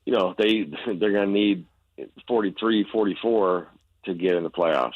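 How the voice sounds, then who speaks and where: Low-voiced reporter guy calling in, rambly and sleepy, kinda muffled dull line. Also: moderate pace, no echo. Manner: relaxed, rambling, tired, laughing easily. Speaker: sports reporter guest. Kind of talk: casual radio interview.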